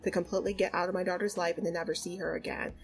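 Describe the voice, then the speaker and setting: A woman's voice: lowish voice, little pitch movement, very fast, faint music behind, natural voice, poor audio. Woman doing a stern, scheming mom. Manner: threatening, bossy. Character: protective scheming mother, adult woman, icy and blunt.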